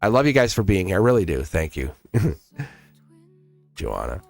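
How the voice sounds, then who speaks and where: A man's voice: deep voice, big pitch swings, moderate pace, creaky, soft background music. A man giving a live-streamed tarot reading in an earnest way, repeating himself and laughing often. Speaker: tarot reader.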